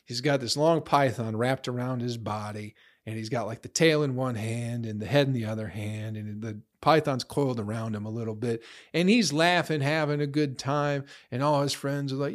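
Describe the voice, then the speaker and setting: A man's voice: medium pitch, normal speed, hardly any pauses. A young man in a profane, rambling casual rant, blunt, tossing in "bro" and "you know" often. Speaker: vlogger.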